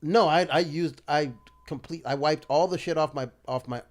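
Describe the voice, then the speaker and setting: Male comic guest, slightly high voice, loose rambling storyteller, swears freely. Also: normal speed. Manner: rambling, animated, laughs through his story, swears a lot. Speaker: podcast guest, comedian. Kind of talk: casual comedy storytelling.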